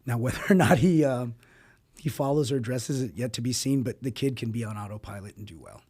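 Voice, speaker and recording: A man, a fight coach appearing as a guest, telling stories in casual interview chat with frequent laughs and quick asides. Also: medium pitch, husky. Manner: animated storyteller, laughs often, quick asides.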